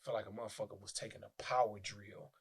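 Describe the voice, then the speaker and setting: A man with a Detroit accent, a podcast guest telling stories in casual, profane, animated talk with many restarts. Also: fairly low pitch, fast talker, breathy edge. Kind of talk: casual interview chat.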